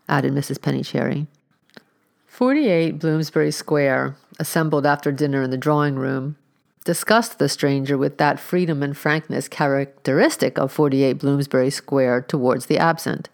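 A woman narrating a storybook in a measured, wry manner. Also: a bass voice, vocal fry, darkish tone. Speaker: audiobook narrator. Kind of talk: scripted narration.

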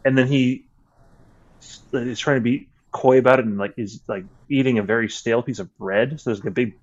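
A man's voice: mid-range voice, a little fast, muffled recording. A man who is a podcast guest, chatting casually, rambling with lots of restarts and swearing. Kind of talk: casual chat.

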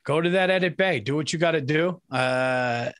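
High-voiced excitable man rambling in chat. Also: moderate pace. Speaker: podcast co-host. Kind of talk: casual chat.

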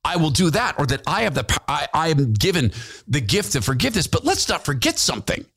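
A man's voice: on the high side, sing-song, fast talker, vocal fry, fairly bright tone, breathy edge. A man hosting a talk podcast, delivering an impassioned opinion monologue and repeating phrases for emphasis. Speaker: podcast host, former radio host.

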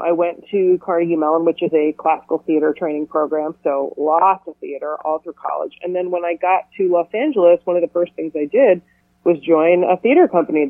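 A woman speaking as an actor guest in a casual interview, chatty and playful with quick asides. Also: lowish voice, no echo. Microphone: telephone. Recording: tinny dry phone line.

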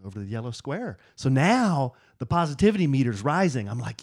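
A man's voice: mid-range voice, brisk. A man co-hosting a podcast, telling a story in casual chat and acting out what people said to him. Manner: animated, acts out other people's lines in quotes. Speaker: podcast co-host.

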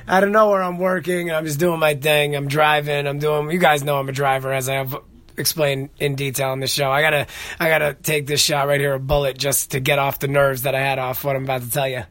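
A young man hosting a podcast, telling stories in a casual, excitable, profane way. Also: a little high, fairly quick. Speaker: podcast host. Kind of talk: casual monologue.

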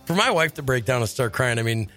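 A man hosting a radio show, telling stories in a lively casual chat and laughing often. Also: medium pitch, fast, soft background music. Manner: animated storyteller, laughs often. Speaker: radio host.

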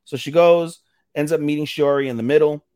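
A man's voice: on the high side, steady tone, a little mellow, no echo, studio quality. A man co-hosting a podcast who chats casually and swears freely while recapping episodes, and briefly voices the characters' lines. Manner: loose and profane, acts out characters' lines in quick voices. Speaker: podcast co-host. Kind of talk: casual anime recap chat.

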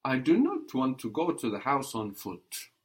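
A man's voice: medium pitch, huge pitch swings, measured pace. A man teaching a language lesson, patiently repeating and modelling words.

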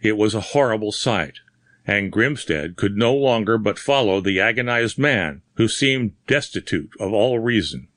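A man narrating a horror story in a measured, dramatic reading. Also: lowish voice, expressive, fairly bright tone, no room sound, clean studio sound. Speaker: audiobook narrator. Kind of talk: scripted narration.

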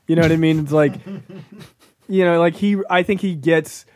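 Man, film podcast co-host, slightly high voice, dry close sound, casual and profane. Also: moderate pace, no echo. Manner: loose and profane, laughs often, quotes characters.

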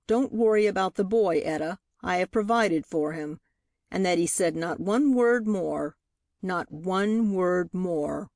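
A woman reading the part of a sharp, relentless male courtroom lawyer, with a pointed, cross-examining delivery. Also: mid-range voice, no room sound, studio quality, lightly acted. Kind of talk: audiobook character reading.

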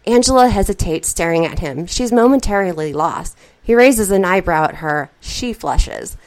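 A woman's voice: mid-range voice, moderate pace. Woman narrating a first-person story.

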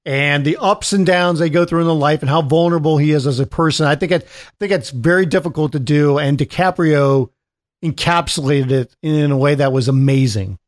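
A man with a high voice talks through a film in a casual chat. He is eager and explanatory and leans on "like" as he goes. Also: a little fast. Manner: eager, explanatory, uses filler like "like". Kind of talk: casual movie discussion.

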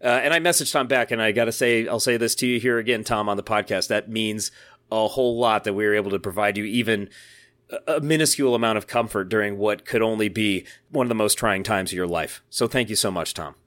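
A man's voice: lowish voice, fast talker, a bit bright. A man hosting a podcast in casual chat, upbeat and jokey, reading listener mail aloud. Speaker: podcast host.

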